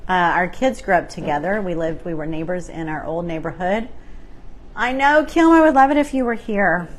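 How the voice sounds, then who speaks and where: A woman's voice: on the low side, animated, moderate pace. A middle-aged woman, hosting a live painting tutorial and chatting casually as she works her brush. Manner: chatty, laughs often, talks through her brushwork. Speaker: craft painting host.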